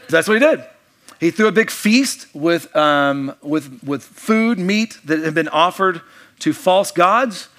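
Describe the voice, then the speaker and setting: A male pastor delivering a sermon in a lively storytelling manner, dropping jokes and acting out the quoted lines. His voice sits a bit higher than most men's.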